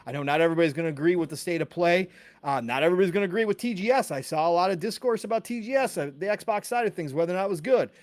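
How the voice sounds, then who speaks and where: A man hosting a casual gaming podcast live stream, talking excitedly and reading out chat names with quick greetings and casual swearing. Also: high voice, no room sound. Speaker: podcast host.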